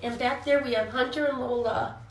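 A woman's voice: on the high side, fairly even intonation, a little fast. A woman filming rescue puppies for a casual vlog, cooing at the dogs in baby talk. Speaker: dog rescue volunteer. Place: indoor room with dogs. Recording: echoey room, faint background noise.

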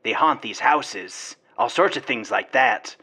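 A man's voice: medium pitch, expressive, a little slow, pushed and bright, husky. A young man improvising a wisecracking comedy dub over an old film. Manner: wisecracking, sarcastic. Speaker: comedy dubber.

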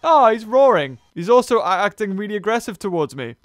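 Excitable man commentating a dinosaur game. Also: high voice, fairly quick, no room sound. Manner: excitable, laughs often, yelps and mutters to himself. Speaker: gameplay commentator. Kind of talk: let's play commentary.

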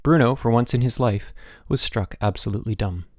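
A man reading a children's novel aloud as an audiobook narrator, expressive and giving each character a voice. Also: mid-range voice, brisk, no echo, clean studio sound. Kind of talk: scripted narration.

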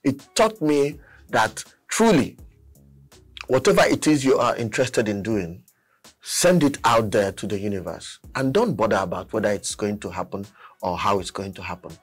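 Guy telling stories, husky voice, pitch jumps all over, music faint underneath. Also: normal speed. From Nigeria. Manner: animated, laughs often, acts out quotes. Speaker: guest artist. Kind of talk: storytelling in casual chat.

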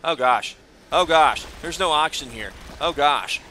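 A man commenting on his own gameplay, excitable and joking, swearing often and taunting the enemies. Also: on the high side, a little slow, a little hiss or hum. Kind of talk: let's play commentary.

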